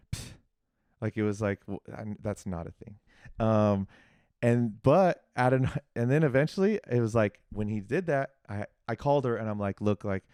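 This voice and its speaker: A young man tells a story from his own life on a podcast, loosely and with lots of fillers, slipping into the voices of the people he quotes. His tone is mellow and dark, recorded close and dry. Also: mid-range voice, no echo. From California. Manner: animated, acts out quoted dialogue, many fillers. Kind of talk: casual storytelling. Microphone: podcast mic.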